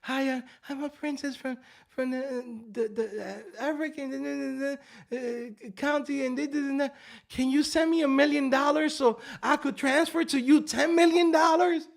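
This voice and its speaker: A man voicing a woman scammer posing as a princess, halting and full of fillers. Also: very high-pitched, fairly even intonation, creaky, voice pushed up. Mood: wheedling.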